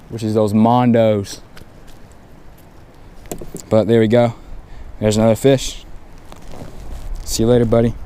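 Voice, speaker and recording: A man, talking casually while fishing a windy pond bank, getting excited and repeating himself when a fish bites. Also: medium pitch. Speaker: fishing vlogger. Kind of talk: casual outdoor vlog commentary. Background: faint wind and outdoor ambience.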